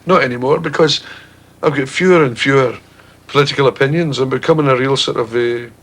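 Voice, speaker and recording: A man's voice: mid-range voice, a little fast, a bit bright. A Glaswegian Scottish man answering interview questions in a thoughtful, wry, slightly hesitant way. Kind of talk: reflective interview talk.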